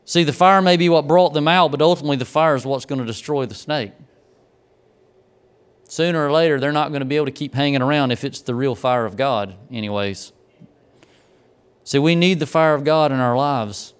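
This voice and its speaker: A preacher spins a folksy tale from the pulpit in a slightly high, smooth and clear voice. The man tells it like a storyteller and builds toward the lesson. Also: a little fast. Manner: folksy storyteller, grows excited and laughing in the funny parts. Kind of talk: sermon with a personal story.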